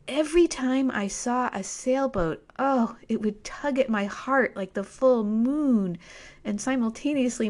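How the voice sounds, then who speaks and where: A woman telling a personal story to an audience in a wry, self-mocking, animated way. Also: medium pitch.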